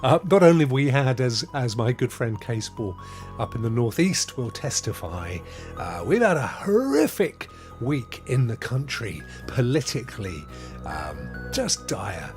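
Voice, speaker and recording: A man's voice: medium pitch, big pitch swings, unhurried, a little mellow, faint music behind. A man hosting a casual live stream, chatting upbeat and laughing often as he greets viewers. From England. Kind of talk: casual live chat, reading viewer comments.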